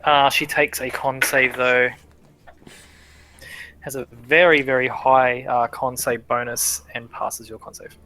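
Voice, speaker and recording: A man narrating as game master in a relaxed livestreamed tabletop game, thinking aloud with easy fillers. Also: mid-range voice, slow, rough recording. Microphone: livestream microphone.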